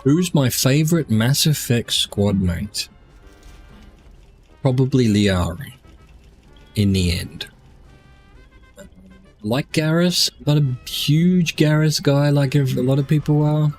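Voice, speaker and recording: A man's voice: mid-range voice, slow, long pauses, a little mellow, faint music behind. Tired, rambling male game streamer. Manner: rambling, musing aloud, answering chat questions. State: tired, yawning. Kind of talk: casual gameplay stream chat.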